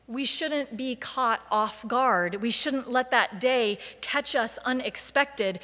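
A woman preacher giving a sermon, with a measured, deliberate delivery and emphatic lists. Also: on the high side, a bit bright, in a large hall.

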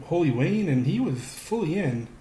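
A man's voice: fairly high pitch, sing-song, normal speed, dark tone. A man co-hosting a podcast in casual chat, rambling with frequent restarts and fillers. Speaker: podcast co-host. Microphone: podcast microphone. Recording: echoey room with faint noise.

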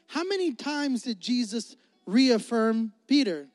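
A man's voice: very high voice, sing-song, slow, no echo, studio quality, soft background music. A young adult man preaching a conversational sermon to a congregation, acting out dialogue as he tells the story. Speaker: pastor.

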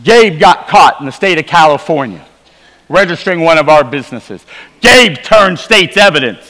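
Preacher, male, high and bright voice, storytelling testimony, long hall reverb. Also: animated, normal speed. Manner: storytelling, shifts between quiet low asides and emphatic rises. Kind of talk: revival sermon testimony. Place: church sanctuary.

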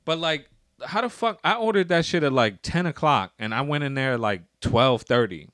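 A man's voice: mid-range voice, moderate pace, dry recording. A man telling a long story in casual conversation, swearing freely and acting out what other people said. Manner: profane, animated storytelling with acted-out quotes. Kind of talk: casual chat.

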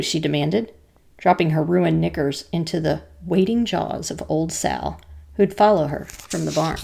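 A woman narrates a tale in a low, gravelly voice. Her delivery is measured and dramatic. The tone is dark and mellow throughout. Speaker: podcast host and storyteller. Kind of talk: storytelling narration.

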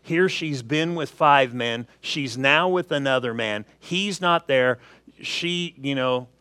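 A man's voice: medium pitch, slow, smooth, no room sound. A man preaching a sermon, telling everyday stories and acting out little asides to make his points. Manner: animated storytelling with acted asides.

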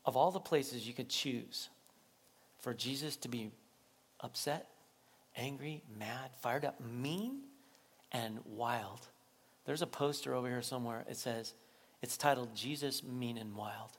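A male pastor preaching a sermon, animated and laughing often, rising to near-shouting at peaks. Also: medium pitch, unhurried, pauses often, slightly rough.

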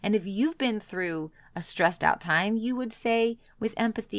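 A woman coach speaks earnestly to her audience, pressing her points with emphasis. Her voice has a gravelly fry at the edges. The recording is dry and close, with no room sound. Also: medium pitch, normal speed, few pauses, fairly bright tone, no echo. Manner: earnest, emphatic, acts out quoted reactions. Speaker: business coach. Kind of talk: motivational solo talk.

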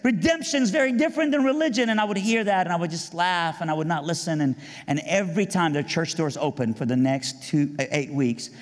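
A man's voice: on the high side, fairly quick. A man giving a sermon testimony, telling his story and building to fervent preaching. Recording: long hall reverb.

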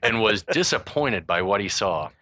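A man's voice: lowish voice, wildly swooping pitch, moderate pace, gravelly, pushed and bright, no echo. A man recapping a movie scene by scene in casual chat with friends, loose and joking, with lots of ums. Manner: loose and joking, with frequent ums and bursts of laughter. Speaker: podcast host recapping a movie.

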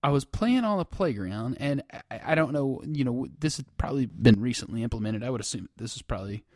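A man's voice: mid-range voice, lively intonation, brisk, darkish tone, no echo, studio quality. A man casually telling a crude, joking story, full of fillers and laughter. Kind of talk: casual chat.

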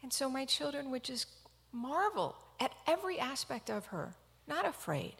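A woman's voice: high-pitched, big pitch swings, normal speed, gravelly, a bit bright, breathy edge, big-room sound. A woman physician telling a personal story in an earnest, reflective talk.

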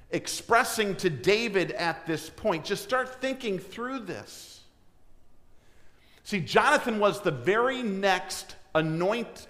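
Slow-preaching man in a reverberant hall. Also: high-pitched. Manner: asks the congregation questions, swings from loud to hushed. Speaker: pastor. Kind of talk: sermon.

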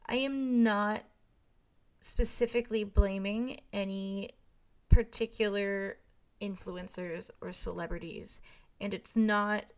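A woman's voice: mid-range voice, fairly even intonation, slow, smooth. A young woman vlogging, speaking candidly and with emphasis, firm in her opinions as she talks to her viewers. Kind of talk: casual commentary to camera.

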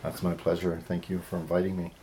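A male interview guest with a low voice who tells his story earnestly. He pauses often and fills the gaps with "uh", sounding sincere and slightly unpolished. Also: monotone, warm tone, a little hiss or hum. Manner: earnest, halting, with fillers and small laughs. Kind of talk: personal storytelling in conversation.

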